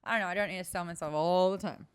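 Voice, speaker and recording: A woman with an Australian accent, hosting a podcast in casual chat and telling animated stories, slipping into mock voices as she goes. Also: lowish voice, very fast, clear, resonant tone. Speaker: podcast host.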